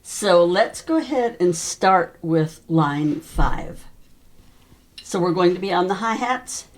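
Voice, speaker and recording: A woman teaching a drum lesson, calmly explaining sticking patterns and counting beats aloud from behind her kit. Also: lowish voice, takes it slowly. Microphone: mic worn while playing kit. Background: drum kit playing.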